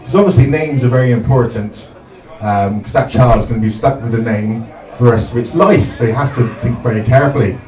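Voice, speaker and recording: A young man from Somerset, doing a stand-up comedy set with deadpan one-liners and frequent "um" pauses. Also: medium pitch. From Somerset, England. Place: comedy club stage. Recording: echoey club, distant mic, loud crowd.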